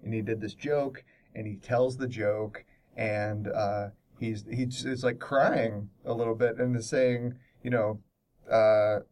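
A man co-hosting a podcast in casual chat, rambling with halting restarts. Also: fairly low pitch, steady tone, darkish tone, distant mic. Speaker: podcast co-host.

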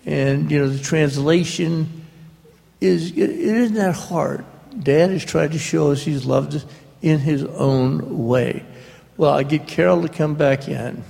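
Man, slow deliberate storyteller, gravelly voice, raised pitch, humorous anecdotes, long hall reverb. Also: dark tone. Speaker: author speaking on a book tour. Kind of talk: live storytelling talk. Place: stage before a live audience.

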